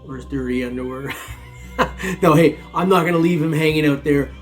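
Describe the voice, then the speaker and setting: A man's voice: on the high side, normal speed, soft background music. A man hosting a metal detecting vlog, chatting to viewers in a loose, rambling way, chuckling often and calling everyone "man". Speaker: metal detecting channel host. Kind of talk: casual vlog chat to viewers.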